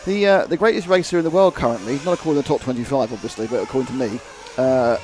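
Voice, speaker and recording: A man's voice: medium pitch, racing, a little mellow. A man doing live race commentary, chatty and jokey, reading out viewer comments.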